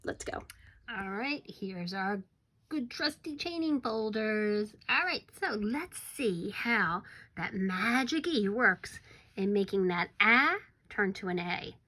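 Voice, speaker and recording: Slow, bright-voiced teacher woman. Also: mid-range voice, expressive. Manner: slow, exaggerated and encouraging, dropping to whispers for suspense. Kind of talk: recorded phonics lesson for young children.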